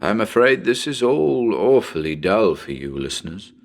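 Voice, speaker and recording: A man narrating a haunted house horror story as a dramatic performance, talking chattily to listeners with sudden shouted calls. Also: on the low side, very animated, normal speed, vocal fry, hardly any pauses.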